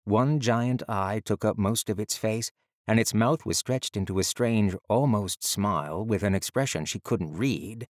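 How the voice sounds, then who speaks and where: In clean studio sound without any echo, a man whose voice is on the low side narrates an audiobook with steady, measured storytelling.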